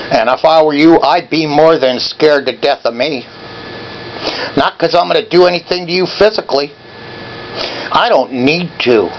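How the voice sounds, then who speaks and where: The speaker is a caller in his seventies berating someone at an office in a confrontational, badgering phone call. He has a high-pitched, gravelly voice, the highs are cut off, and there's slight background noise.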